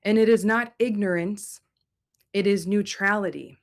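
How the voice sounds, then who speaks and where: A woman channeling a serene ancient Earth mother spirit, speaking in slow, measured, solemn pronouncements. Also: mid-range voice, lightly acted. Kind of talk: spoken channeling.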